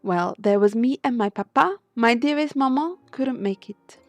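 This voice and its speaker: A woman's voice: fairly high pitch, moderate pace, dry recording, soft background music, pitched above the performer's own voice, close to an everyday voice. A woman voicing a pampered young noble cat lady, prim and genteel, reading for a video game.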